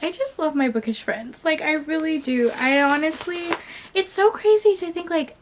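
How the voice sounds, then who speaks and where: A woman with a fairly high voice hosts her book channel in a relaxed, chatty vlog. She gushes with enthusiasm and often repeats her phrases. A faint hiss sits under her voice. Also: moderate pace. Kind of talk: casual vlog unboxing chat.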